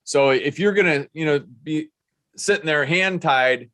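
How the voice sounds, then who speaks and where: A man's voice: fairly high pitch, measured pace, a bit bright, no echo. An older man hosts an interview podcast, speaking in an upbeat, motivational way. His voice is recorded dry and close, with no room sound. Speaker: podcast host. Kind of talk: interview hosting.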